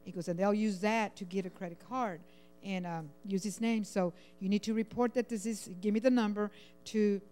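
A woman sharing a personal prayer request at church, rambling and halting with many fillers, sounding overwhelmed and close to tears. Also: medium pitch, mellow, slight background noise. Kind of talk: emotional personal testimony.

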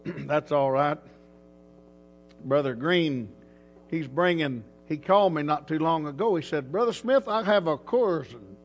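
A man who is a pastor, telling a folksy, rambling story in a casual way and chuckling often. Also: on the high side.

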